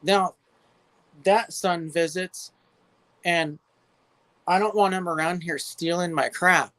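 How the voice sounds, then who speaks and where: A man with a slightly high voice tells neighbor stories in a loose, animated way. He jumps up into shrill imitations of the people he quotes. He talks outdoors into a phone. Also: slow pace, dry recording. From California. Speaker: livestream guest. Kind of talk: casual storytelling chat. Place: outdoors at his property.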